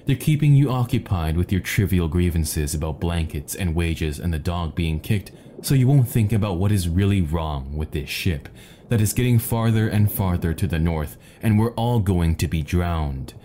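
Insistent young cabin boy in a spoken fable, read by a man, low and dark-toned. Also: animated, normal speed, a little hiss or hum. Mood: urgent. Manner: urgent, insistent. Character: earnest young cabin boy pleading urgently.

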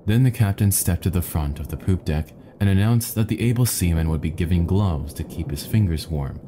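Male storyteller, deep and mellow, deliberate reading pace. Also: slight background noise. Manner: measured, deliberate. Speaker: narrator. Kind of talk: scripted narration of a fable.

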